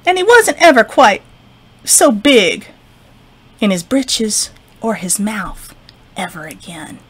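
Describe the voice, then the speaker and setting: A woman librarian telling a folktale to children, expressive, with whispers and sound effects. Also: fairly high pitch, a little slow. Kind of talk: children's storytime narration.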